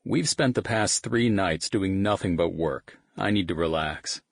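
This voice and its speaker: A man's voice: low voice, unhurried, vocal fry, no echo, clean studio sound, full character voice. A man doing a laid-back young father. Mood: weary. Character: young father and guitarist, easygoing but tired. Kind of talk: audiobook character voice.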